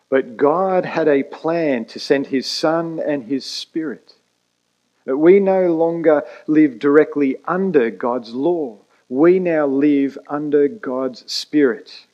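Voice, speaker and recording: A man delivers a sermon at an unhurried pace. He leans hard on key phrases and lets dramatic pauses hang. The recording sounds dull and slightly lo-fi. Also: mid-range voice. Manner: emphatic preaching with dramatic pauses and quick asides. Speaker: pastor.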